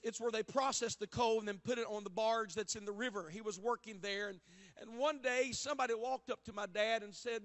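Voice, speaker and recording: High-voiced preacher man. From Appalachia. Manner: storytelling preacher, builds to loud emphatic calls. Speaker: pastor. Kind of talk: sermon. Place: church sanctuary.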